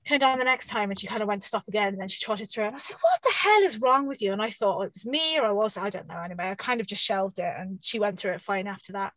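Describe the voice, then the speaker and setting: A woman telling horse-riding stories in casual chat, swearing freely and animated. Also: medium pitch, fast talker, hardly any pauses, no room sound.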